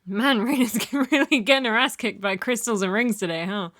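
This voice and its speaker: Giggly high-voiced woman joking between takes. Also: unhurried, no echo, clean studio sound. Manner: giggly, self-mocking, bursts into laughter. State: teary from emotional scenes. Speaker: voice actor in a fan audio drama. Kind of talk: casual blooper chatter between takes. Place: home recording setup at night.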